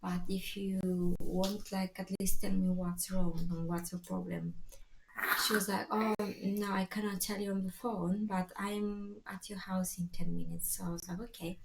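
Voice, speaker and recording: A woman's voice: medium pitch, level tone, measured pace, vocal fry. A mother telling her family's story in a casual vlog, hesitant, with many fillers and restarts as she quotes what people said. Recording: echoey room, faint background noise.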